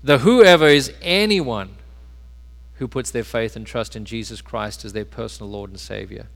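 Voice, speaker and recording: A pastor preaching a sermon, swinging between loud emphasis and quiet, low asides. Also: male voice, moderate pace, gravelly. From South Africa. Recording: long hall reverb.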